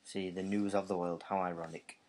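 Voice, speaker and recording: Rambling comic man, low voice. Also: little pitch movement, fairly quick, a little mellow, slight background noise. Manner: rambling, jokey, puts on silly accents. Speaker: podcast host. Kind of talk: casual comedic monologue.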